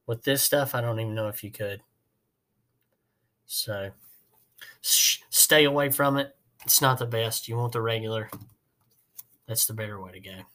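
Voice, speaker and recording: A man's voice: lowish voice, moderate pace, long pauses, sharp tone. A man hosting a podcast, telling a work story in a rambling, folksy way with many fillers. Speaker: podcast host, HVAC technician. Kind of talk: casual storytelling.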